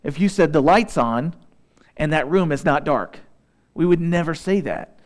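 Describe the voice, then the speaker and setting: Here a man preaches, his voice somewhat high. Scripture is read in a measured, slow manner, followed by relaxed conversational remarks to the listeners. The speaker is a pastor from Southeast Missouri.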